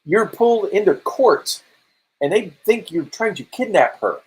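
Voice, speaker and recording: Husky-voiced man telling game stories. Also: sits high, a little slow, poor audio. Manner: animated storytelling, acts out quotes. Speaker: podcast co-host. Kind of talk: casual chat about video games.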